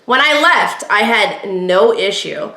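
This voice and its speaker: A woman hosting a podcast, telling a personal story in a chatty, animated way and talking straight to her listeners. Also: medium pitch, takes it slowly, reverberant. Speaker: podcast host. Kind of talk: casual storytelling.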